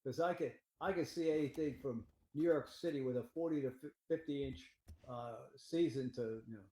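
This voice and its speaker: An older man talking about the weather forecast in a rambling, excitable way, with filler words and laughter. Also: mid-range voice, moderate pace, echoey room, rough recording. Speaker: meteorologist guest. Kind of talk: casual forecast discussion.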